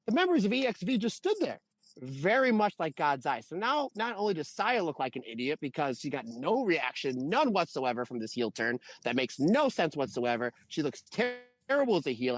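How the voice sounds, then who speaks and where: A man co-hosting a wrestling review podcast, talking in an animated, exasperated rant. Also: fairly high pitch, no echo. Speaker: podcast co-host. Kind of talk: casual wrestling review chat.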